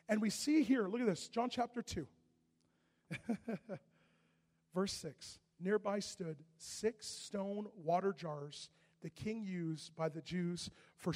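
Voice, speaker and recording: A man preaching a sermon, telling stories with lively, animated delivery that rises to shouts at the high points. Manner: animated storytelling, shouting at peaks. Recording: echoey hall with long reverb.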